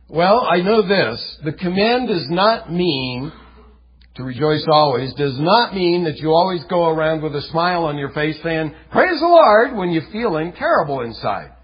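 Husky-voiced pastor preaching earnestly. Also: male voice, fairly high pitch. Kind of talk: sermon. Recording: dull lo-fi recording.

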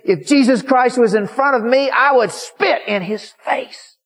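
A man voicing a bitter elderly woman who is hostile to religion and scornful and shouting in anger. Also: medium pitch, measured pace, breathy edge, long reverb tail.

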